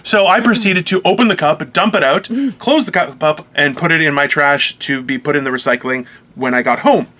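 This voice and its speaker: A man co-hosting a casual talk show, ranting in an animated, self-mocking way. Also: a little high, brisk, few pauses. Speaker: co-host. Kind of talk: casual chat.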